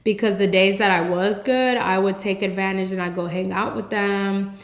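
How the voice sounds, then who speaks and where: A woman's voice: mid-range voice, fairly even intonation, normal speed. A young woman hosting a podcast, telling her own story in a candid, emphatic way, full of "like" fillers and blunt swearing. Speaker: podcast host. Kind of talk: personal testimony, casual storytelling. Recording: roomy echoey recording.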